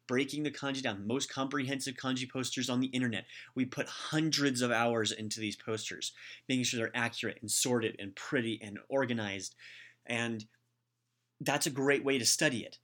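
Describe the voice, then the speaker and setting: Opinionated man hosting a study podcast. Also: medium pitch. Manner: opinionated, animated, frequent restarts. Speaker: Japanese language podcast host. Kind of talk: casual advice monologue.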